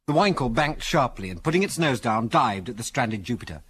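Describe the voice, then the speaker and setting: Husky-voiced man narrating an adventure story. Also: medium pitch, brisk. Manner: dramatic storytelling, animated delivery.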